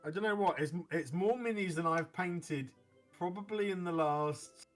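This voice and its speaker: A man's voice: high voice, normal speed, soft background music. A man co-hosting a casual painting livestream, making dry, wry asides. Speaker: co-host. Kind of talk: casual chat while painting miniatures on a livestream.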